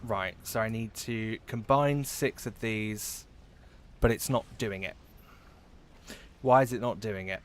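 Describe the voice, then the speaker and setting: A man's voice: lowish voice, slow pace, long pauses, slight background noise. A man chatting casually while live-streaming a game, giggling often and trailing off into fillers.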